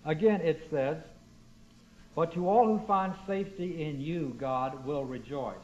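A man's voice: on the high side, a little slow, a little mellow. A man preaching a sermon to a church congregation, quoting scripture with strong emphasis and putting questions to the room. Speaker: pastor. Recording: dull lo-fi sound.

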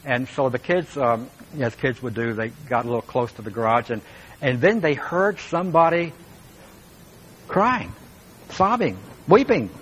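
A male pastor delivers a sermon in an earnest, emphatic way, pressing his points home and speaking directly to the congregation. His voice sits at an ordinary middle pitch, with a faint hum of room ambience behind him. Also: animated, measured pace, fairly bright tone, rough recording.

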